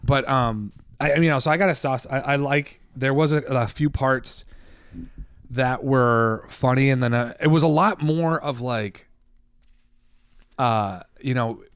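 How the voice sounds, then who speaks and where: A man co-hosting a podcast, chatting casually about a film and retelling scenes in quick bursts with plenty of swearing. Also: medium pitch, smooth, no room sound, studio quality. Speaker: podcast co-host. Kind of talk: casual film review chat.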